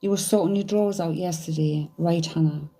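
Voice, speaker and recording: A woman working as a psychic medium gives a live reading, thinking aloud in a hesitant, searching manner. Her voice is lowish, brisk, and dark in tone.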